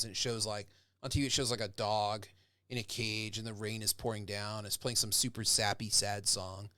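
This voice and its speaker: A male professor gives a relaxed, conversational lecture. His voice sits at a middling pitch and is recorded dry and close. He now and then slips into acting out the speakers in his examples. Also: brisk, dry recording. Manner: conversational, acts out example speakers with rising intensity. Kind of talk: casual lecture.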